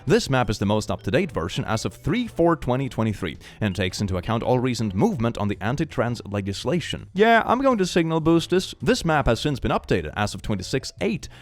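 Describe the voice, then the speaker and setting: A man's voice: medium pitch, sing-song, fairly quick, hardly any pauses. A man hosting a comedic reaction video, reading posts aloud and riffing on them sarcastically, often breaking into laughter. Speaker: host reading and reacting to social media posts.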